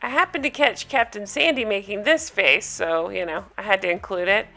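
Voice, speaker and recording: A woman with a bright, sharp voice hosts a casual recap, gossiping and teasing with dry sarcasm. She talks straight to her listeners at a middle pitch, lively and quick to joke. Faint music sits low behind her. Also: vocal fry. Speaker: podcast host recapping reality TV.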